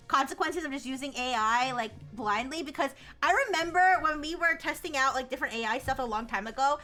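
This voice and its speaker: A young adult woman streaming live, chatting casually about news, animated and laughing, rambling with frequent restarts. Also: sits high. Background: faint music.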